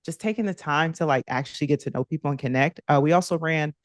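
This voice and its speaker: Podcast guest, woman, 30s, expressive storyteller who does voices for the people she quotes; dry, close sound. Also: quick pace, dry recording. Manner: animated, acts out quoted kids in higher voices, laughs often. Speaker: podcast guest, former athlete. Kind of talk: conversational storytelling interview.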